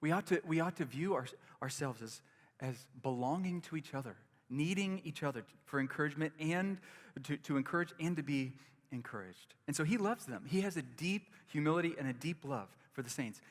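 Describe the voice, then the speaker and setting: A man's voice: on the high side, animated, normal speed, in a large hall. A man preaching a sermon as pastor, earnest and repetitive, often restarting his phrases.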